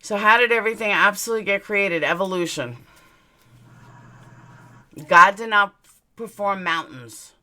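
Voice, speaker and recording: A woman's voice: medium pitch, normal speed, long pauses, bright, forceful tone. A woman hosting a live stream and chatting casually. She tells rambling personal stories bluntly and swears freely. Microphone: webcam mic, looking into camera.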